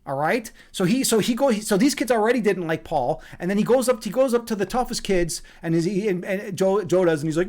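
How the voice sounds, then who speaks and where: An American streamer with a fairly high voice tells stories to his chat. He swears constantly and rambles loosely, often restarting his sentences. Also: expressive, brisk, hardly any pauses, darkish tone. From USA. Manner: profane, rambling, many restarts. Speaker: livestream host. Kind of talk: casual chat, reading out chat comments.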